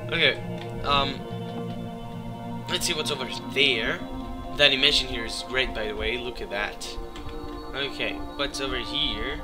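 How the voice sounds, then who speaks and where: Hoarse, excitable gamer guy, slow-talking. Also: medium pitch. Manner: excitable, swears often, talks to game objects. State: hoarse, sick voice. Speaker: let's play gamer. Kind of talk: casual gameplay commentary. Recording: game music behind voice. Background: game music.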